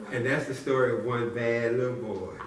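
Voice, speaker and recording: A man's voice: mid-range voice, heavy background noise. A man telling a silly story to a live audience with playful call-and-response build-ups. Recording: echoey room from far off.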